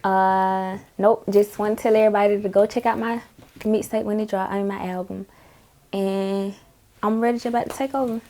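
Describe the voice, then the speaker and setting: A woman's voice: mid-range voice, steady tone, fairly quick, warm tone. A young woman rapper in a casual interview, telling stories animatedly and laughing often.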